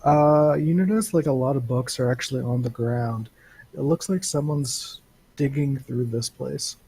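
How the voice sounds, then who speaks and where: A man's voice: mid-range voice, normal speed, mellow, slightly rough, low-quality recording. A man running a tabletop game as game master, narrating hesitantly with many fillers.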